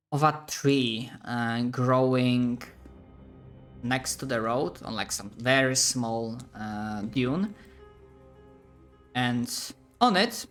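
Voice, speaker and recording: A man's voice: medium pitch, fairly bright tone. Hesitant male game master. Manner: hesitant, filler-heavy narration. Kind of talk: narrating a tabletop game.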